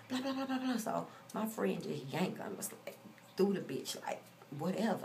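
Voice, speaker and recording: A woman in her forties rants through a story in blunt, streetwise and profane terms. Her voice has a gravelly rasp, and her pitch leaps up and drops down in wide swings as she talks. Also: animated, fast, darkish tone, slight background noise. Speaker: vlogger. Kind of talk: casual storytelling rant.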